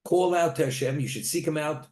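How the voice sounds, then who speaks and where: A man's voice: a little high, fairly quick, a little mellow. A man, a rabbi, teaching a Torah class, telling stories and weaving in Hebrew terms. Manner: storytelling, Hebrew terms woven into plain talk. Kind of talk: Torah lecture. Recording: echoey room.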